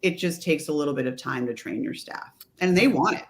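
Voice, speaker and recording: A middle-aged woman pharmacist, a guest in an interview, talking in an animated way and acting out the dialogue she tells. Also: low-pitched, fairly quick, a little hiss or hum. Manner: animated storyteller, acts out quoted dialogue. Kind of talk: conversational interview.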